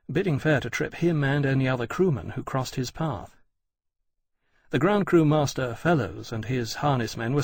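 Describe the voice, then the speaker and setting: A man reading a novel aloud in even, measured scripted narration. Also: medium pitch, slightly rough, dry recording. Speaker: audiobook narrator.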